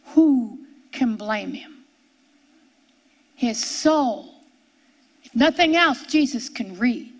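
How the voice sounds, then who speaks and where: A woman teaching a sermon, reading scripture aloud and repeating key lines with slow, drawn-out emphasis. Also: a little high, expressive. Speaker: Bible teacher.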